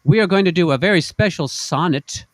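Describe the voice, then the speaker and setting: A man's voice: high voice, brisk, a bit bright, a little hiss or hum. A man hosting a casual online show, rambling and joking, often repeating words as he goes, over a video call. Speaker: host and singer.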